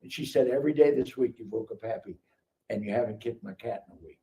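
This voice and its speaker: A man's voice: mid-range voice, fast, mellow. A man, telling his life story as a guest and acting out the dialogue. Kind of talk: casual testimony storytelling. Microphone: live stream call mic. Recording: distant mic with faint noise.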